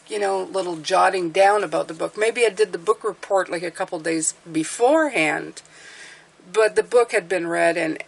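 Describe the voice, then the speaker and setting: A woman tarot reader hosting her channel, talking in a casual, rambling, chatty way. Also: fairly low pitch. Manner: rambling, talkative, self-deprecating.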